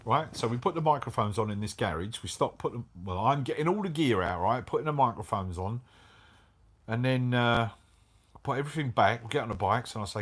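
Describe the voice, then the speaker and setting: A middle-aged man telling a motorbike travel story in casual chat, animated and full of slang. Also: medium pitch, a little fast, breathy edge. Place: hotel room, indoors.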